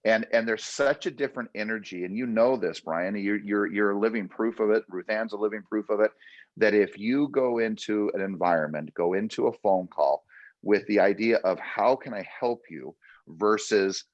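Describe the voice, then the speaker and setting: Emphatic male real estate coach with a lowish voice who keeps hammering short punchy phrases, sounding dry and close on a dull, muffled recording that takes the sparkle off the top end. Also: moderate pace, no room sound. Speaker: real estate training host. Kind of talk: motivational coaching talk.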